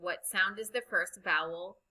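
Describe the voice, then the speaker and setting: A woman teaching a recorded reading lesson, speaking slowly and deliberately as she spells out vowel sounds. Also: lowish voice, fairly even intonation, sharp tone, poor audio.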